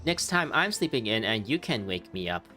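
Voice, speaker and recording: A man's voice: lowish voice, big pitch swings, moderate pace, bright, forceful tone, soft background music. Rambling chatty man gaming. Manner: rambling, chatty, laughs often. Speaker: game streamer. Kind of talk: casual gameplay commentary. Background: game audio.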